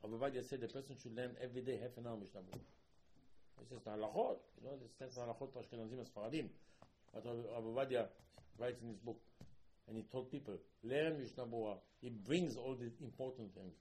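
A man teaching a Torah class as a sermon in halting, broken English, repeating himself and breaking into sudden loud emphatic bursts. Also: medium pitch, slight background noise, rough recording. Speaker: religious teacher.

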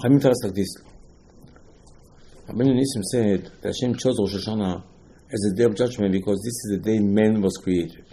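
A man with giving an informal Torah lecture, rising to emphatic questions and dropping low again. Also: fairly quick, dark tone, poor audio. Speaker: rabbi giving a talk.

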